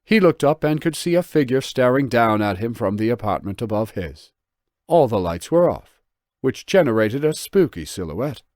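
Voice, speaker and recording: A man's voice: medium pitch, normal speed, no echo, clean studio sound. A man narrating his own novel as an audiobook, telling the story expressively. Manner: expressive storytelling with voiced dialogue. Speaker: author and narrator.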